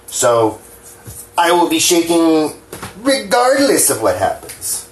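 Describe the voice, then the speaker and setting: Cooking at home, this New Jersey man talks in a fairly high voice with huge pitch swings, taking his time. He's a vlogger who rambles, swears freely, and jokes at his own expense while his hands shake slightly; the recording has slight background noise, echo, and faint kitchen clatter.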